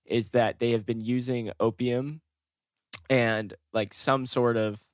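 A man's voice: medium pitch, fairly even intonation, slow pace, no echo, clean studio sound. Laid-back man hosting a podcast. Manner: laughs often, reads history notes loosely. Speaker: podcast co-host. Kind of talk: casual podcast chat.

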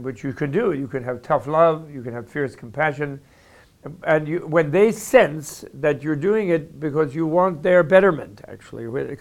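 Guest: man with a raised pitch giving an earnest, measured reflection. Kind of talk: reflective spiritual talk.

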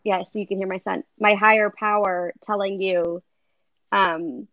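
A woman's voice: mid-range voice, steady tone, measured pace, no room sound, muffled recording. A woman in casual conversation as a podcast guest, chatty, often laughing and swearing casually. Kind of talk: casual chat.

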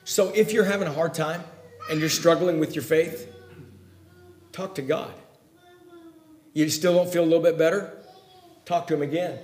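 High-voiced man preaching in an echoey room. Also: normal speed, long pauses. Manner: folksy, swings from loud emphasis to hushed asides. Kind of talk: sermon.

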